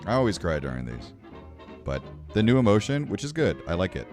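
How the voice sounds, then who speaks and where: A man's voice: deep voice, sing-song, fairly quick, music in the background. A man streaming, chatting casually in a rambling, emotional way and swearing now and then. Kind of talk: casual livestream chat.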